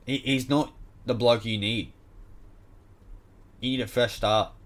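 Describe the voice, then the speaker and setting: A man's voice: mid-range voice, fairly even intonation, takes it slowly. A man with an Australian accent hosting a casual sports show, ranting bluntly and swearing heavily. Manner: heavy swearing, blunt and exasperated. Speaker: podcast host.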